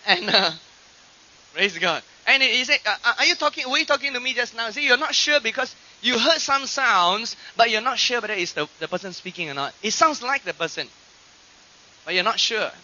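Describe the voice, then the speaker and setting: Male preacher, high and piercing, big dynamic swings from loud to hushed; lo-fi archive tape. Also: animated, moderate pace. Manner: dramatic swings between loud and hushed delivery; fillers and restarts, addresses the congregation directly. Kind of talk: sermon. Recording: dull lo-fi archive recording.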